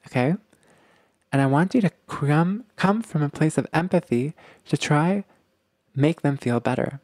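A man's voice: medium pitch, fairly quick, a little mellow, no echo, studio quality. Earnest man talking relationship advice. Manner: earnest, addresses listeners as "guys", repeats words. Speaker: podcast host. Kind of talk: casual advice podcast talk.

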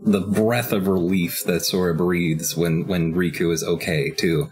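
A man's voice: deep voice, steady tone, a little slow, a little mellow. A young man co-hosting a casual podcast, making dry, wry asides. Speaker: podcast co-host. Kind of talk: casual chat.

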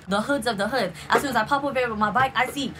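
Excitable fast-talking young woman. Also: fairly high pitch, background noise. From South Florida. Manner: excitable, slangy, gushing storytelling. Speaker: vlogger. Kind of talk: storytime vlog.

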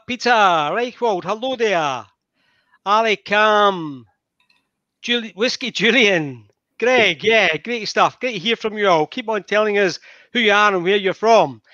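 A man's voice: high-pitched, a little slow, bright, forceful tone, no room sound, lo-fi sound. A Scottish man hosting a live online whisky tasting, chatty and greeting viewers by name over a video call.

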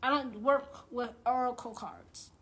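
Woman, witch and tarot reader, high and bright voice, blunt, profane livestream rant. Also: a little slow. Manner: repeats phrases for emphasis. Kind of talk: live-streamed rant.

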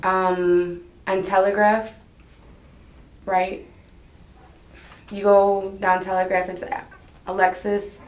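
Woman, twenties, rambling, hesitant, middle pitch, echoey room. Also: little pitch movement, takes it slowly, long pauses. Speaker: witness being questioned. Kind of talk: police interview. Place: police interview room. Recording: roomy archival interview recording.

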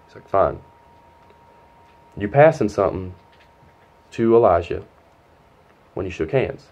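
Young guy rambling n cussing thru a story, lowish voice, kinda muffled. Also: lively intonation, measured pace, pauses often, darkish tone. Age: young adult. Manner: profane, rambling, quotes others in dialogue. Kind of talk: casual storytime vlog.

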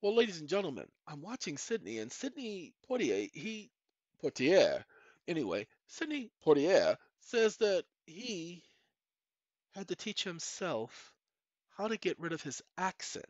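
A man's voice: high voice, very animated, a little slow, no room sound. A middle-aged man hosting his own channel, rambling through a personal monologue and speaking straight to his viewers. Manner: rambling, repeats "ladies and gentlemen", talks straight to the audience. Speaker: channel host. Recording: muffled lo-fi, dry.

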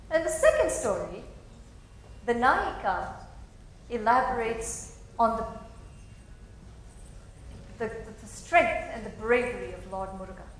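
A woman's voice: on the high side, a bit bright, slight background noise. A woman narrating a story expressively, in a dramatic storytelling style. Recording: very echoey hall.

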